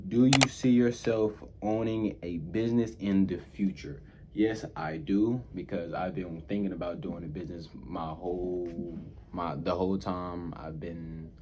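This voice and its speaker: A man's voice: low-pitched, mellow, a little hiss or hum. Young man rambling in a dull lo-fi recording. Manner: slangy, rambling, often repeating himself. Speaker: YouTuber answering fan questions. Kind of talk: casual Q&A vlog storytelling.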